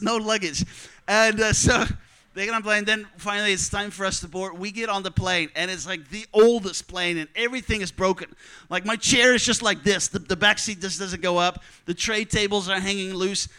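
A man telling a personal travel story in an animated, joking way, acting out the lines of the people he met. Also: high voice, normal speed, clean tone. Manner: animated, joking, acts out dialogue.

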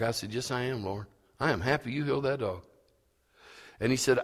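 Folksy preacher in an echoing church. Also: male voice, mid-range voice, animated, a little fast, pauses often. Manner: folksy storytelling, rising to fervent preaching. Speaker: pastor. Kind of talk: sermon. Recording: reverberant church hall.

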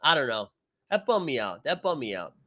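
A man's voice: mid-range voice, big pitch swings, brisk, pushed and bright. A man hosting a casual live-stream sports show, rambling and joking as he reads viewer comments aloud. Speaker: sports show host reading live chat.

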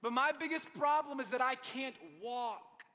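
Man doing a squeaky, flustered guy. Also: bright, forceful tone, heavily acted. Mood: pleading. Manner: comic, high-pitched and fast. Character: flustered grown man, exasperated and pleading. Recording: long hall reverb.

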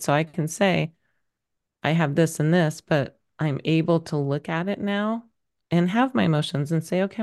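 This middle-aged podcast guest has a deep, slightly mellow voice. She recounts something personal with candor and emotion, wandering a bit and leaning on many fillers.

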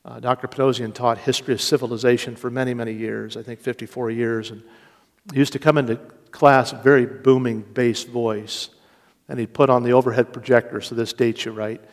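A man preaching a sermon with slow, deliberate delivery and rising emphasis. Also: mid-range voice, level tone. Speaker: pastor. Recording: long reverb of a large hall.

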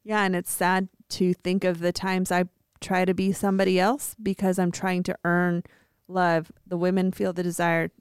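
Woman co-host, smooth clear tone, dry close sound, animated storyteller. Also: lowish voice, normal speed, dry recording. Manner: animated, acts out quoted voices. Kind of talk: casual faith-based chat.

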